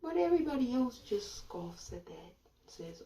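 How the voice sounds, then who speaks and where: A woman's voice: a little high, sing-song, moderate pace, few pauses, dark tone. A woman giving a blunt, sardonic opinion monologue as a commentator. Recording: roomy sound from a distance.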